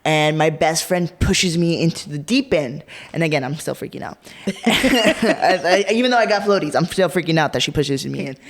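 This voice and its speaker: A woman's voice: low voice, normal speed. Giggly young woman telling stories. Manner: giggly, animated storyteller. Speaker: podcast co-host, daughter. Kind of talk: casual podcast chat.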